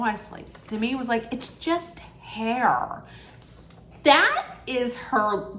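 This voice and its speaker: Slow-talking woman ranting a TV recap. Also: on the high side, fairly bright tone. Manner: rambling, frequent ums and restarts, opinionated. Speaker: reality TV recap vlogger. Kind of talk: casual recap rant.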